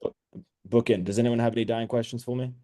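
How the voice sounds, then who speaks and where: A man's voice: medium pitch, steady tone, quick pace, dark tone. A man running an online sales training call, blunt, with crude teasing humor.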